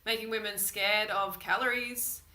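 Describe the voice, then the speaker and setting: A woman's voice: mid-range voice, steady tone, normal speed, sharp tone. A young woman co-hosting a vlog in casual chat, talking emphatically and laughing often. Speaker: vlog co-host. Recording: echoey room.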